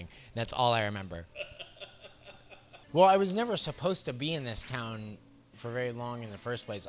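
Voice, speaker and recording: Man, American accent, 30s, comedian, storytelling, profane, animated, laughing. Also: medium pitch, slight background noise. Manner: animated, profane anecdote telling with frequent laughs. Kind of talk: storytelling interview. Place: bar.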